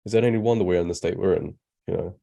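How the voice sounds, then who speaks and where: A man's voice: low voice, rapid-fire, gravelly, dark tone. A man, co-hosting a podcast discussion in a blunt, opinionated way. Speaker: podcast co-host. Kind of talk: casual discussion.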